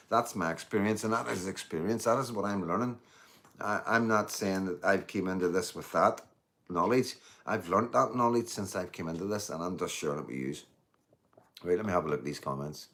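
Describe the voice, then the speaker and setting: A man in his fifties with a Northern Irish accent, chatting casually on a live stream, rambling and earnest and swearing freely. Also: on the low side.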